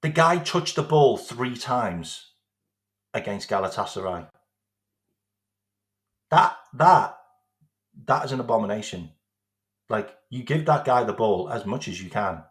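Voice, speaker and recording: A man's voice: medium pitch, animated, a little slow, pauses often, echoey room. A man delivering a sarcastic, sweary football rant as a vlog host, repeating his points. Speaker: football fan vlogger. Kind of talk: ranting monologue.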